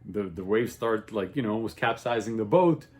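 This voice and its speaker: A man teaching an informal religious class, telling stories with growing excitement and checking in with "okay?" and "right?" all the time. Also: fairly low pitch, normal speed. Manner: animated storytelling, voice rising with excitement. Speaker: Torah teacher.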